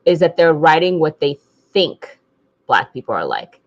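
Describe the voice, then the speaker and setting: Low-voiced woman co-host, casual and animated, dull lo-fi audio. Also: moderate pace. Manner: animated, mimics voices with laughter. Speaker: podcast co-host. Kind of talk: casual book club discussion.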